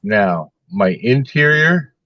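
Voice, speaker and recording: A man appearing as a guest on a casual sports podcast, calmly running through his picks. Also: medium pitch, takes it slowly, dry recording, lo-fi sound.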